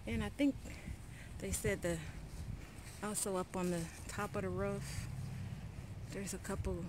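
A woman's voice: fairly low pitch, background noise. A woman chatting casually to her viewers while walking her dog outdoors, slipping into baby talk. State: sweaty, a bit out of breath. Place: outdoors on a neighborhood walk.

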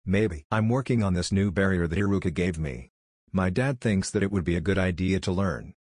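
A man's voice: low-pitched, fairly quick, darkish tone, no room sound, clean studio sound. A man reading as a lazy, blunt teenage boy. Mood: dismissive.

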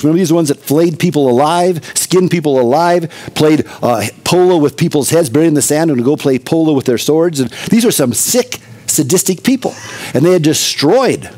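A man's voice: on the high side, dark tone. Man preaching with emphatic repetition. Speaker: pastor. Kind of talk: expository sermon.

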